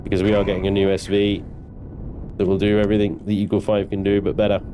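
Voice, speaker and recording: A male streamer talks through his game live, joking and swearing with his chat. His voice sits on the low side. Soft music plays quietly underneath. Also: monotone, quick pace. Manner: chatty, swearing, banters with chat. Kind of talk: live gameplay commentary.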